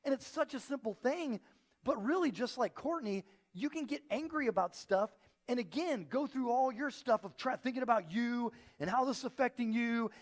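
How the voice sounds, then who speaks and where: Speaking at a normal speed in a very high voice, a man delivers a sermon as pastor in a church auditorium. He animates his stories by acting out each quoted person's voice.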